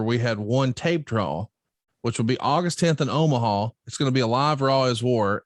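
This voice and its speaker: A man's voice: mid-range voice, dry recording, studio quality. A man co-hosting a podcast, teasing his guest and setting up long questions in a chatty way. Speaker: podcast co-host. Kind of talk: casual interview chat.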